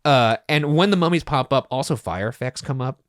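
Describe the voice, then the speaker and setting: A man's voice: medium pitch, lively intonation, brisk, no room sound, clean studio sound. A man in his thirties co-hosting a casual podcast, recapping in detail and swearing casually. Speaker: podcast co-host. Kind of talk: casual chat.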